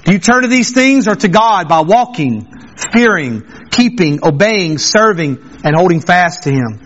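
A man with a high voice preaches a sermon, stressing his points by saying them again. The recording sounds dull and lo-fi. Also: lively intonation, moderate pace, fairly bright tone. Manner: emphatic, repeats phrases for stress.

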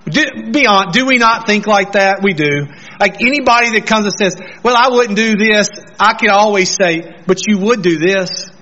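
A pastor preaching a sermon, earnestly putting questions straight to the congregation. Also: male voice, sits high, moderate pace, sharp tone, highs cut off.

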